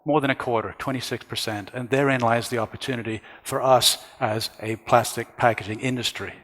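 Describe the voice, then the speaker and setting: A man at a conference podium talks through his slides in a measured, methodical way. His voice sits at an ordinary middle pitch. The sound carries a long hall reverb from the large room. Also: fairly even intonation, a bit bright. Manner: measured, explains slides step by step. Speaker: conference speaker. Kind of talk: conference presentation.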